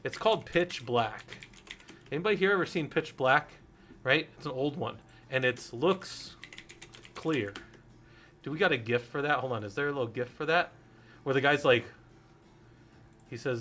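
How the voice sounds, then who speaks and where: A man's voice: medium pitch, normal speed, pauses often, bright, forceful tone. Blunt, swearing Linux instructor in his 40s. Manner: candid, swears freely, rambling anecdotes. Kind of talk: casual technical lecture.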